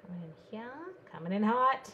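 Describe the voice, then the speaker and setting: A woman's voice: mid-range voice, normal speed, phone-quality sound, a little hiss or hum. Bubbly chatty woman crafting live. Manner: chatty, bubbly, talks to viewers while working. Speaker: card-making demonstrator. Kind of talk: live online crafting stream.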